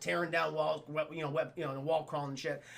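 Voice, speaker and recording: A man giving casual, energetic livestream commentary on a cartoon, swearing a lot and talking to his chat. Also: a little high, fast, gravelly. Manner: profane, energetic, addresses chat. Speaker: streamer reviewing cartoons.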